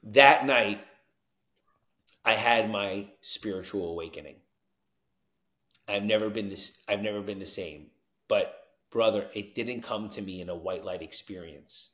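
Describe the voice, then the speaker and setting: A man's voice: fairly low pitch, a little slow, pauses often, roomy sound. A man from New Jersey, a recovery coach, telling his story as a podcast guest, acting out the lines of the people in it. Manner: animated, acts out quoted dialogue, frequent "you know what I mean". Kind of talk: storytelling in conversation.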